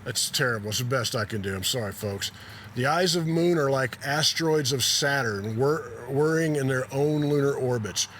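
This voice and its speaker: A laid-back man with a medium-pitched, fairly bright voice and moderate pace reads passages from a memoir, telling the story casually. He's self-deprecating, laughing as he reads and at his own attempts at the characters. There's a little hiss or hum.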